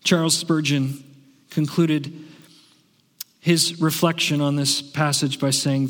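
A man preaching a sermon, telling a personal story slowly and earnestly, with many pauses. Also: a little high, level tone, a bit bright, in a large hall. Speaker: pastor.

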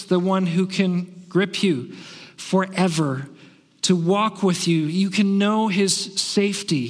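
A man preaching in a church sanctuary. His voice sits a little high for a man, and he speaks slowly and earnestly, with long pauses. Long reverb trails after each phrase. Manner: slow, earnest storytelling with pauses. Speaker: pastor. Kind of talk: sermon.

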